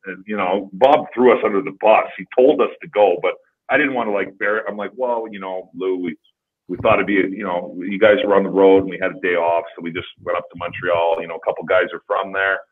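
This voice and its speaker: A man tells rambling, profane career stories in a casual podcast chat. His voice sits low and sounds husky. It comes through a tinny, phone-like line. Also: steady tone, fast talker. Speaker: podcast guest, former hockey player. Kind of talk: casual storytelling.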